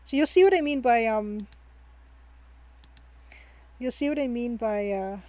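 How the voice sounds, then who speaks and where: A woman with a somewhat high voice talks her way through a game on stream. Her commentary is casual and rambling, full of ums and restarts as she thinks aloud. She sounds cheerful and laughs easily. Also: measured pace, a little mellow, no room sound, rough recording. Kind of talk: casual let's-play commentary.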